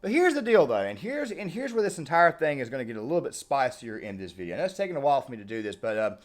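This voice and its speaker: A man's voice: mid-range voice, sing-song, quick pace. A man hosting an online video, giving heated, opinionated commentary on sports and politics. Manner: ranting, emphatic.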